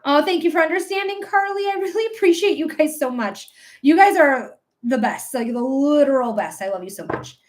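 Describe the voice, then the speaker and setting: High-voiced woman doing a psychic livestream. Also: lively intonation, a little fast. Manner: affectionate toward viewers, calls them my love; rambling, with many fillers and restarts. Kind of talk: casual livestream chat and psychic reading.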